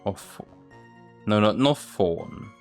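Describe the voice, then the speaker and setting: A man's voice: on the low side, animated, slow pace, soft background music. A man hosting a game let's play, chatting and joking with frequent laughs. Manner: chatty, jokey, laughs often. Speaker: host.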